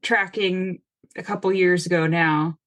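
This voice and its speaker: A young woman who is a guest on a casual book podcast, friendly and quick to laugh as she chats. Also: lowish voice, fairly even intonation, no room sound. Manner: friendly, laughs between remarks.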